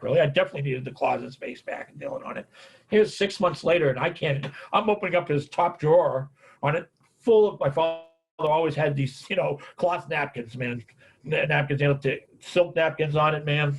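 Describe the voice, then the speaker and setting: A man's voice: fairly high pitch, a little hiss or hum. A middle-aged American man giving a folksy, anecdotal talk on caregiving and grief, often tagging his sentences with "man" and "on it.". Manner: folksy storyteller, repeats "man, on it". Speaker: caregiving speaker.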